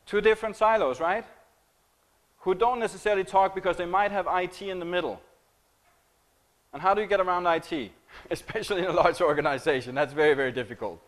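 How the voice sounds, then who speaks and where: A man delivers a conference keynote to a live audience in a fairly high voice. He keeps it conversational, tossing questions to the room and joking along the way. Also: brisk, pauses often, fairly bright tone, rough recording. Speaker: keynote speaker on marketing. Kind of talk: conference presentation.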